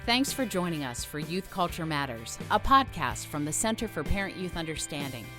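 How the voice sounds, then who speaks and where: A woman's voice: deep voice, big pitch swings, normal speed. A woman reading a scripted podcast outro. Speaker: podcast announcer. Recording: outro read over clear guitar music.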